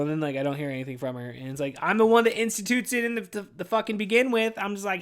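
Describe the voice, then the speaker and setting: Man, 30s, podcast host; tired, rambling, profane delivery in a slightly high register. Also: fast talker, few pauses, clean tone. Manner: profane, rambling, says "dude" constantly; weary, venting. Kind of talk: casual rambling monologue.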